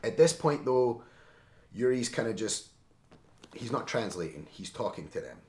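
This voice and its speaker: Middle-aged ex-Marine guest, very low voice, animated storyteller, roomy echo. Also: male voice, normal speed. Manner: animated, seeks agreement with frequent "right?". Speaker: podcast guest, former Marine. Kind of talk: conversational war storytelling.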